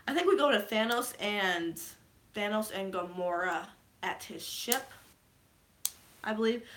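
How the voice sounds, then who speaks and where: Bright-voiced woman rambling through a movie recap. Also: medium pitch. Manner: rambling, filler-heavy, gushing. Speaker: vlogger. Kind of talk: casual movie recap chat.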